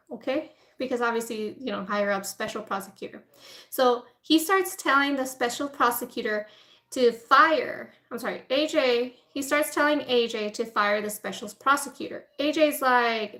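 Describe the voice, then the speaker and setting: Chatty woman vlogger, slightly high voice. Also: a bit bright. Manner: chatty, informal, lots of "like" and "right?"; acts out people in quoted asides. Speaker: food vlogger. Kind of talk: casual storytelling while eating.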